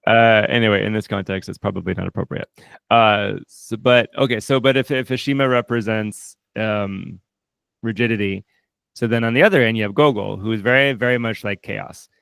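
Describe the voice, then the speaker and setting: A man's voice: fairly low pitch, a little fast, vocal fry, a bit bright, clear, resonant tone, dry recording. A man co-hosting a casual film discussion, thinking aloud and often restarting his sentences. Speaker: co-host, film reviewer.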